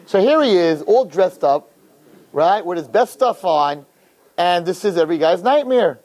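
Male rabbi, sermon storyteller; comic, lively delivery, slightly high voice. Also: a little slow. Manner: animated, joking storyteller.

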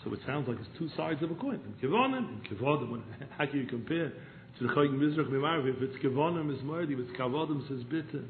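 A man telling a parable in a sermon, moving from hushed narration to pleading. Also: medium pitch, quick pace, a little hiss or hum. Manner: storytelling, swings from hushed to pleading. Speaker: rabbi. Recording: echoey room over a tinny phone-like line.

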